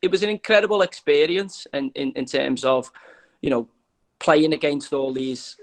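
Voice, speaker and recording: A man's voice: on the high side, normal speed, low-quality recording. A man from England, a former footballer, talking as a guest in a casual interview, rambling with restarts and lots of "you know".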